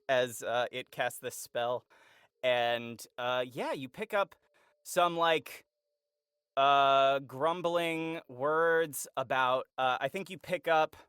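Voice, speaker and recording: A man's voice: mid-range voice, a bit bright, clean tone, dry recording, studio quality. A man running a tabletop game as game master, narrating in a hesitant way with many fillers and frequent laughter.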